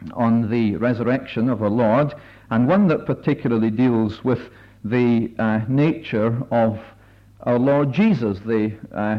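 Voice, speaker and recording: Deliberate man preaching on a dull recording. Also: medium pitch. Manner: deliberate and careful, many filler pauses. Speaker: preacher leading a Bible study meeting. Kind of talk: measured sermon-style talk with readings.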